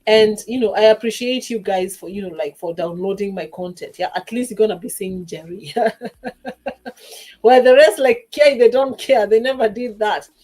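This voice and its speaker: A woman's voice: medium pitch, normal speed, darkish tone. A woman speaking as a livestream guest, effusive and emotional, laughing often and using many fillers in casual chat. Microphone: remote streaming call.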